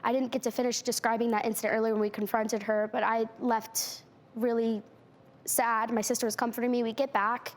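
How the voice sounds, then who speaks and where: A young woman telling an emotional family story as a talk show guest, halting and tearful at times. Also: a little high, flat delivery. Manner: halting, tearful retelling with quoted speech.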